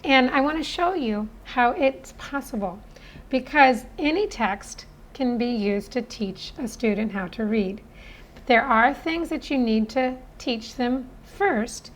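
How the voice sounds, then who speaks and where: A woman's voice: on the high side, lively intonation, a little slow, rough recording. A woman giving a spoken phonics lesson as a teacher, talking in an earnest, persuasive way.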